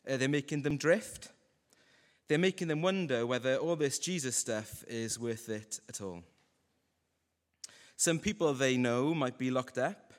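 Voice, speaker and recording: A male preacher talks his congregation through a sermon in an easy, joking, conversational way. His voice sits in the middle pitch range. It carries a long reverb tail from a big hall. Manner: conversational and humorous. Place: church hall.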